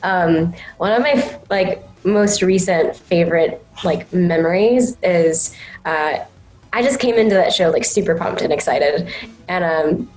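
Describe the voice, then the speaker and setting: A woman voice actor telling lively anecdotes in a casual interview, acting out the quotes as she goes. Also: lowish voice, measured pace, reverberant, poor audio. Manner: animated storyteller, acts out quotes. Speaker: voice actor, guest.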